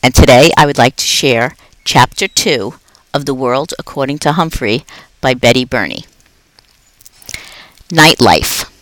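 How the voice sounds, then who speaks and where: A woman, a school reading specialist, reading a children's chapter book aloud with expressive storytelling and dramatic pauses. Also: extremely low pitch, no echo, rough recording.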